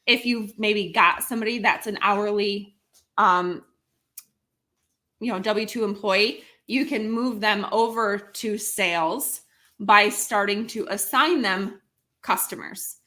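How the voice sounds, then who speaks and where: A woman's voice: mid-range voice, takes it slowly, pushed and bright. A woman co-hosting a casual business live stream, explaining how the office runs with her own examples. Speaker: co-host handling office and numbers.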